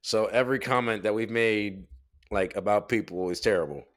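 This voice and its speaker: A man's voice: fairly low pitch, moderate pace. A young man chatting casually as a podcast co-host, rambling and hesitant with many fillers. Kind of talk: casual chat.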